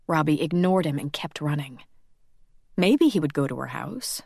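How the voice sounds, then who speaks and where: A woman's voice: sits low, normal speed, creaky, no room sound. Woman narrating an audiobook, dry sound. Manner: steady storytelling. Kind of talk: scripted narration.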